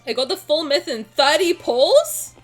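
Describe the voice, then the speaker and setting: Young woman streamer, bit high voice, swings all over the place, joking around w faint game music behind. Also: a little slow. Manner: playful, joking, bursts of excited shouting. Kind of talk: casual game stream commentary.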